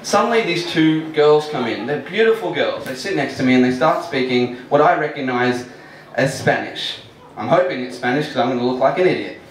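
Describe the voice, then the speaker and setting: A man's voice: medium pitch, animated, a little fast. Aussie guy telling a funny story on stage, laughs a lot, mic far off in a big echoey room. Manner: casual, self-mocking, laughing often. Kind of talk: live personal storytelling. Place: live storytelling venue with audience.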